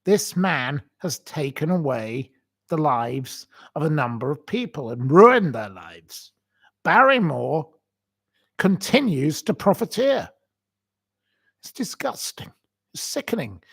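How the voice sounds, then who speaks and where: A slow-talking man on a live stream, ranting with open indignation and circling back to the same points. His voice swings widely up and down as he takes his time over each phrase. He is answering viewers' comments, deeply worked up. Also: big pitch swings, creaky, slightly rough. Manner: indignant, ranting, repeats himself. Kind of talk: emotional live-stream rant.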